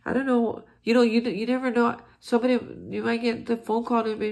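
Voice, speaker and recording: A man with a gravelly, fry-edged voice gives a heartfelt spiritual recovery talk. He speaks earnestly and encouragingly, often stopping to restart a phrase as he hosts his daily reflection. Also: very high-pitched, level tone, brisk.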